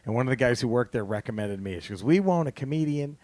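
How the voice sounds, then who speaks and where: A man from Texas, a comedian and podcast host, telling a story in casual chat, animated and swearing, laughing through it. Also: medium pitch, fast, no room sound.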